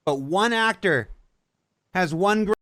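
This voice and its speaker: A man's voice: high voice, expressive, slow, pushed and bright, no room sound, clean studio sound. A man hosting a livestream, reading viewer questions aloud and adding chatty, sarcastic asides. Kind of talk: casual chat.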